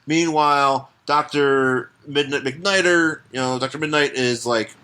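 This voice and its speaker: A man's voice: mid-range voice, fairly even intonation, measured pace, bright, forceful tone, clear, resonant tone. A man co-hosting a comics podcast, talking casually and animatedly, swearing, laughing and acting out silly voices. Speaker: podcast co-host. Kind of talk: casual chat about comics.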